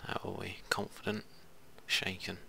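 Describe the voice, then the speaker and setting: A man's voice: sits low, completely flat delivery, unhurried, gravelly, bright, forceful tone, husky. A man giving rambling, casual commentary while playing a strategy game. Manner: rambling, muttering asides to himself. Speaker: gaming video host. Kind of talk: casual let's play commentary.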